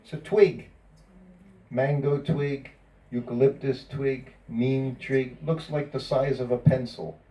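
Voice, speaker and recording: A man's voice: medium pitch, slow. A man casually telling anecdotes to a small group, laughing often and acting out what others said. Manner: laughs often, quotes others in lively asides. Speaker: former personal servant recalling memories. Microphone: phone or camera from a distance. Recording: distant phone recording.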